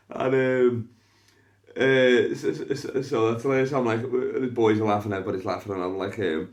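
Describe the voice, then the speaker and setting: A man's voice: medium pitch, normal speed, long pauses. A young man with a Liverpool accent, a comedian and podcast host telling casual stories with lots of swearing and acted-out voices. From Liverpool, England. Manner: animated, swears a lot, acts out voices in his stories. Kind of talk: casual storytelling chat.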